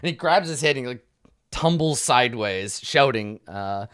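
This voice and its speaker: A man's voice: mid-range voice, animated, normal speed, a bit bright, smooth. A young man narrating a tabletop game as game master in a loose, chatty way, with many fillers and restarts.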